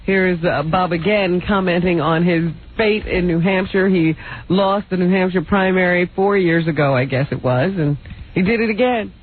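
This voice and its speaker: Male co-host, high voice, chatty and giggly, thin lo-fi radio sound. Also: normal speed. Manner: chatty, laughs often, feeds the host. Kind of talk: casual talk-radio banter. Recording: tinny lo-fi radio recording with faint hiss.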